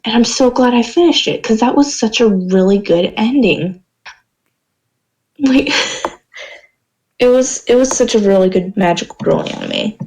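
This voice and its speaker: A woman's voice: medium pitch, gravelly, darkish tone, low-quality recording. A woman with a mid-range voice chats casually as a podcast co-host, giggling and poking fun at her own mistakes. She sounds like she is talking into a home microphone on an online call. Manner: giggly, self-deprecating. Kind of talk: casual chat.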